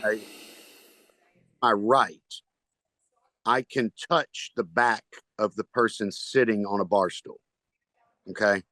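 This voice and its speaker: A man who is a stand-up comedian, telling a long story in a podcast interview, rambling and halting with restarts. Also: on the low side, fairly bright tone, no echo.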